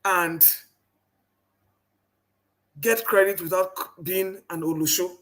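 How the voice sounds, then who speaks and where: A woman's voice: fairly low pitch, steady tone, slow pace, fairly bright tone. A woman from the American South with a Southern accent, speaking emphatically as a panelist in a live debate. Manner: emphatic, rising into laughing outbursts.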